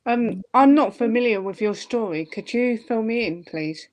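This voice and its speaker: A woman hosting a casual chat on a video call, emphatic and quick to exclaim in disbelief. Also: a little high. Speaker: host.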